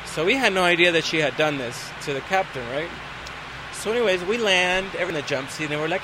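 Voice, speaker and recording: Guy with a high voice spinning a wild work story, loud traffic roaring behind. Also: fast talker. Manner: acts out quotes with big pitch jumps. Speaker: flight attendant guest. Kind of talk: animated storytelling.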